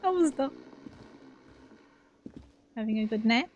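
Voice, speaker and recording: A woman's voice: on the high side, expressive, slow, highs cut off, a little hiss or hum. A woman streaming a video game, chatting casually and thinking aloud as she reads out her choices. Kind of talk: casual let's-play commentary.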